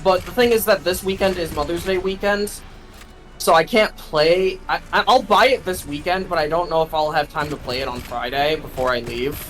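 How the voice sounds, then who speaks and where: A man's voice: fairly high pitch, normal speed, fairly bright tone, faint music behind, low-quality recording. A man chatting casually with a friend while gaming, swearing often and restarting his sentences. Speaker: co-streamer friend.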